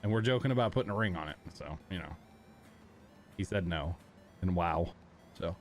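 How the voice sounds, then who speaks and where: A man hosting a casual gaming livestream, chatty and quick to laugh, greeting viewers by name as he plays. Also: deep voice, lively intonation, faint music behind. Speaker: streamer host. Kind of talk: casual chat while gaming.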